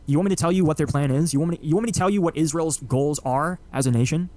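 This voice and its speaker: A man lays out his views in an emphatic, lecturing way during a casual chat. He talks quickly and presses every point hard. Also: a little high, warm tone.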